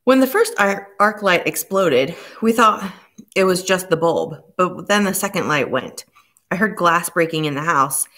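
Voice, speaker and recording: A woman voicing a bald man who talks quickly and defensively. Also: lowish voice, lively intonation, fairly bright tone.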